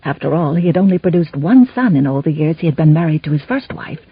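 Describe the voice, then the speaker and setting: A woman narrating a historical romance audiobook in an expressive storytelling manner, in a slightly muffled recording. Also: low voice, fast talker, slightly rough, no echo. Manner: expressive, even-toned storytelling. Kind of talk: scripted narration.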